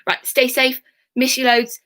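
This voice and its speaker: A young woman records a history lesson for her pupils at home. Her voice sits a little high and sounds bright and clear. She talks in a chatty, reassuring way and drops in plenty of "um"s. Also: completely flat delivery, a little slow. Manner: warm, reassuring, chatty with fillers. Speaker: history teacher.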